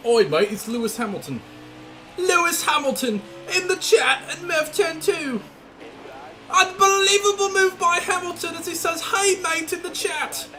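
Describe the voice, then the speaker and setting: A man putting on a British accent to play an excitable male racing commentator with a strained, overexcited delivery. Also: extremely high pitch, unhurried, music in the background, voice pushed up. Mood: hyped. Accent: put-on British.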